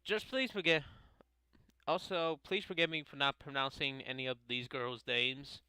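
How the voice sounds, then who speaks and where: A man reading a visual novel aloud in a casual playthrough, halting and stumbling over names as he corrects himself. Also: mid-range voice, bright, forceful tone, clean tone, no room sound, rough recording. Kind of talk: casual game playthrough narration.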